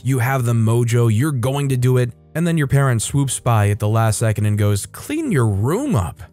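Mellow-voiced man reading stories aloud. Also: mid-range voice. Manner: reads posts aloud, then adds relaxed personal asides. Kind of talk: storytime narration with casual commentary.

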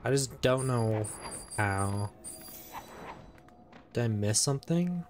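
Male let's play host, mid-pitched, excitable, chatty running commentary. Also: slow pace, soft background music. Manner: excitable, talks to the game and its characters; says "dude" a lot. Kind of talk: casual gameplay commentary.

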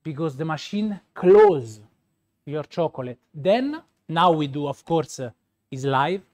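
Slow Roman-accented man, halting. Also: a little high, expressive, a little mellow. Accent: Roman Italian. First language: Italian. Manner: slow, halting, many fillers. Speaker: pastry chef. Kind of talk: live product demo.

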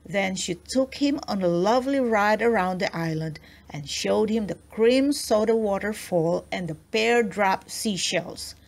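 A woman reading a children's storybook aloud, with gentle storytelling and voices for the characters. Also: mid-range voice, unhurried, vocal fry, hardly any pauses, slight background noise. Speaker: children's book reader.

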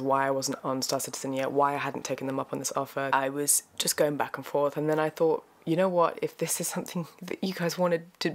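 Woman vlogger, very low voice, halting and emotional delivery, sincere direct-to-camera thanks. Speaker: voice actor and YouTuber. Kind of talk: heartfelt thank-you vlog.

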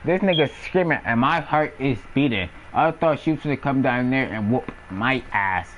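A man's voice: mid-range voice, expressive, moderate pace, muffled recording, very noisy. A young man telling personal stories in a casual, slangy way, often laughing and acting out the sounds of what happened. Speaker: storyteller. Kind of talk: casual storytelling.

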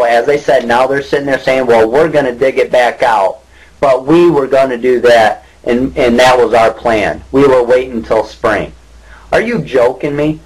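A man's voice: a little high, rough recording. A middle-aged man from Michigan, speaking straight to the camera in an angry rant, indignant and repetitive, full of rhetorical questions. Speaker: local whistleblower.

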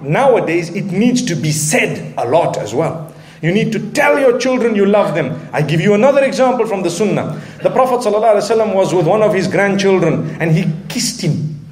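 Man, preacher, sermon, high-pitched, echoey hall sound, earnest, animated. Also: fairly quick. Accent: Southern African English. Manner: earnest, animated, with Arabic phrases and light humor.

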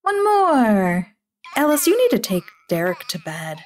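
A woman's voice: lowish voice, wildly swooping pitch, darkish tone. A woman chatting through a life-sim game, talking to her characters as if they were family and laughing often. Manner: laughs often, quick to exclaim. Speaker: gaming YouTuber. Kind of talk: casual let's-play commentary.

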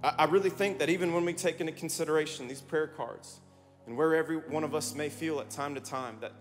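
A man preaching a sermon as pastor, energetic and rallying his congregation with repeated calls to respond. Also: fairly high pitch, fast talker. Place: large church hall. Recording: long hall reverb, music behind.

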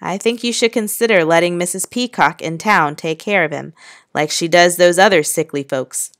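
A blunt country doctor woman, read by a woman speaks calmly and matter-of-factly in a lowish voice. It is a storybook reading with a close, dry sound. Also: normal speed, no echo. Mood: grave. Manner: calm, matter-of-fact.

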